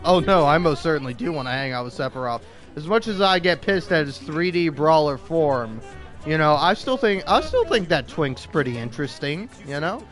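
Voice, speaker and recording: A man's voice: on the high side, a bit bright. A young man hosting a gaming video, rambling comedic commentary full of restarts and "like".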